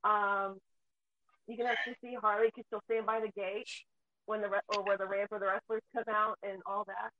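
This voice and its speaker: A woman's voice: mid-range voice, flat delivery, moderate pace. A woman, a mother, chatting casually as a host and telling stories freely with plenty of swearing. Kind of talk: casual chat. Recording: tinny phone-like dry sound.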